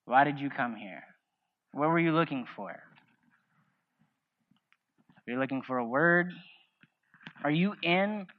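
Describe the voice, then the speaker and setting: A man preaching a sermon, reading scripture and telling a personal story while asking the congregation questions. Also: fairly high pitch. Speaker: pastor. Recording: dull lo-fi sound with faint music.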